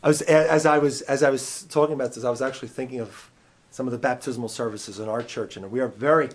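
A man teaching a Bible class in church, conversational and animated, often asking his listeners questions. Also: medium pitch, fast talker. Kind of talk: teaching sermon.

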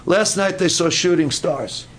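A man's voice: high-pitched, unhurried, fairly bright tone. A man preaching a sermon at a camp meeting, earnest and given to repeating his words.

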